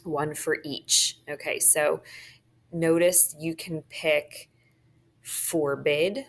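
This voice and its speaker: Low gravelly woman teaching phonics. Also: steady tone, drawn-out words. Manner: talks through marking a worksheet, checks in with "okay?". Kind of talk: phonics lesson walkthrough.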